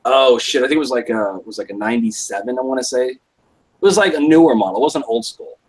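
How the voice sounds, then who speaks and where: A man's voice: medium pitch, quick pace, darkish tone, rough recording. A young man telling a rambling story on a live stream, swearing constantly and filling with "like". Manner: rambling, heavy swearing, lots of "like". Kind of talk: casual storytelling.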